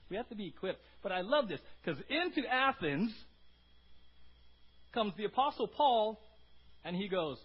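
A pastor giving a conversational sermon, often tagging points with "right?" and moving between loud emphasis and quiet asides. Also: male voice, high-pitched, animated, moderate pace, pauses often, breathy edge, highs cut off.

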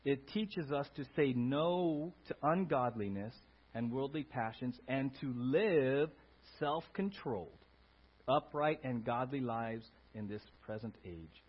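A male pastor preaching a sermon in a church, playful and animated, swinging between quiet asides and loud bursts. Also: high voice. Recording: dull lo-fi sermon audio.

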